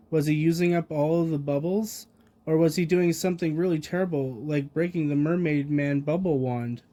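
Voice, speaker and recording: A man reading a children's storybook aloud in a gentle, even storytelling manner. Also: fairly high pitch. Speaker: storybook reader.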